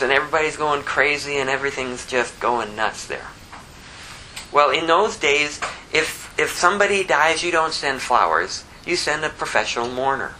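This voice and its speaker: A man teaching verse by verse from the Bible, lively and conversational, who chuckles at his own asides. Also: mid-range voice, a little hiss or hum, low-quality recording.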